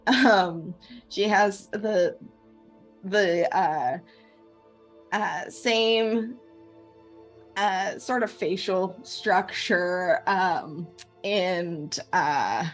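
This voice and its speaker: A woman's voice: fairly low pitch, drawn-out words, pauses often, soft background music. A woman narrating a tabletop game as game master, with many hesitations and ums.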